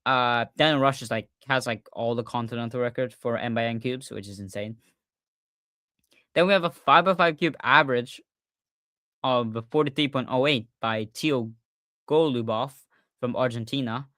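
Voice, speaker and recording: A young man hosts a casual livestream recap in a smooth, clear voice. He sounds excited and stumbles over his words, restarting and repeating himself. The sound is dry and close, recorded on a desk mic. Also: mid-range voice, normal speed, no room sound. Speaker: podcast host.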